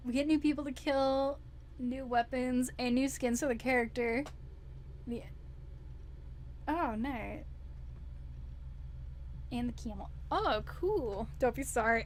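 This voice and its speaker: A woman's voice: a little high, sing-song. A young woman commenting on a game as she plays, gushing and swearing freely. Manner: gushing, swearing, quick laughs. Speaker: gaming streamer. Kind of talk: let's play commentary.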